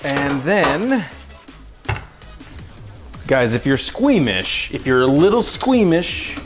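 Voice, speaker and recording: Goofy male cooking-stream host, unhurried and jokey, faint music under a home-kitchen mic. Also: on the high side, very animated. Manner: goofy, jokey, talks to chat and pets while cooking. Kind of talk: casual cooking livestream chat.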